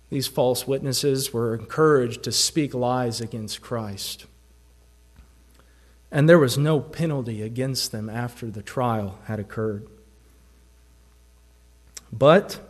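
A man's voice: medium pitch, darkish tone. A man preaching a sermon with a Southern American accent, using rhetorical questions and emphatic repetition. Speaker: pastor.

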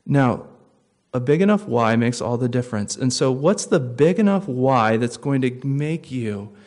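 A man preaching a sermon, telling stories and dropping to a near hush for tense moments before rising for emphasis. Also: medium pitch. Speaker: pastor.

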